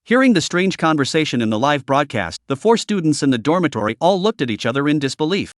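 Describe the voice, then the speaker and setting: A man narrating a story recap in a steady, even, scripted reading. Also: on the high side, fast talker, no echo, studio quality.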